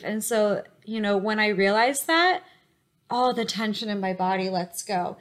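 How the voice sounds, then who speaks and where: A young adult woman co-hosting a podcast, talking openly and emotionally in casual chat, with quick bursts and many fillers. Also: medium pitch. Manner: open, emotional, talks in quick bursts with frequent likes and you-knows. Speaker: podcast co-host.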